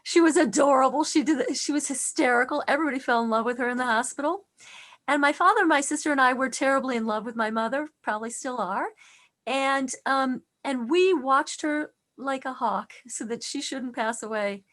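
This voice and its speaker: Middle-aged woman teacher, higher register, earnest and expressive, tells a personal story with restarts. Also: moderate pace. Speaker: class teacher.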